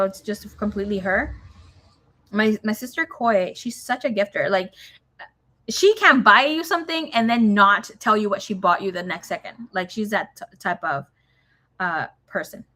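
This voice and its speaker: A woman's voice: on the high side, fairly bright tone. A young woman giving a casual tarot reading, chatty and swearing freely, with Spanish phrases dropped into her talk. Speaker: tarot reader.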